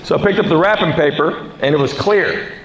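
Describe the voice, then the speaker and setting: A man performing stand-up comedy, telling a story in a deadpan, matter-of-fact way full of quoted back-and-forth. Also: fairly high pitch, a little fast. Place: comedy stage before a live audience. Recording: roomy live recording with loud background noise.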